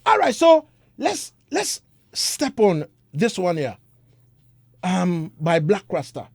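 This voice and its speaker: Male radio host, high, bouncy voice with grit, chuckles between questions. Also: wildly swooping pitch, slow, gravelly, a little mellow, slightly rough, dry recording, studio quality. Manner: laughs often, affirms with frequent mm-hmms. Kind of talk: casual radio interview.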